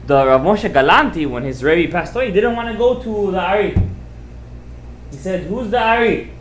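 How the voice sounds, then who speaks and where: A man who is a rabbi, telling a Torah story at a festive meal, animated and acting out the voices, sprinkling Hebrew and Yiddish words into casual English. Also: high voice, normal speed, a little hiss or hum. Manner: animated, acts out the quoted voices. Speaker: rabbi giving a Torah talk.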